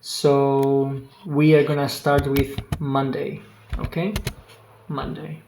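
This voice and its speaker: A language teacher giving an online lesson, speaking slowly and patiently, repeating each word several times and exaggerating the pronunciation on purpose. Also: medium pitch, level tone, background noise. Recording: roomy echo with faint keyboard clicks.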